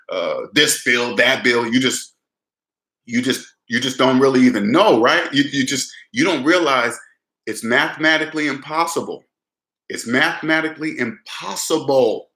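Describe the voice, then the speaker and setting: A man's voice: mid-range voice, sharp tone, reverberant. A man casually talking to the camera about personal finance, repeating phrases and calling the listener "man".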